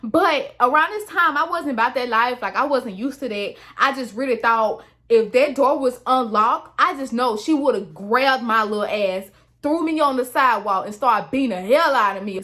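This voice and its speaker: A woman in her twenties telling a story time vlog, animated and slangy, calling viewers honey and y'all. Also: on the high side. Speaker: YouTuber.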